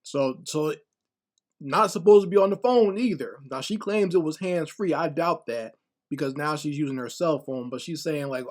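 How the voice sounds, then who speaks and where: A man's voice: a little high, normal speed, darkish tone. A man giving casual reaction commentary on a video, sarcastic and full of rhetorical questions, often repeating words as he goes.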